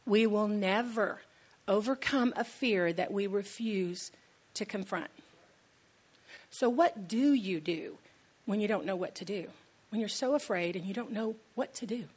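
A woman's voice: medium pitch, measured pace, husky. A woman pastor giving a sermon in a conversational, storytelling way, repeating key lines for emphasis.

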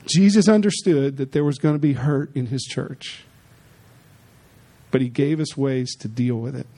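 A man's voice: mid-range voice, moderate pace, mellow. A man preaching a sermon in an emphatic, conversational way, with frequent asides to the congregation. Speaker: pastor.

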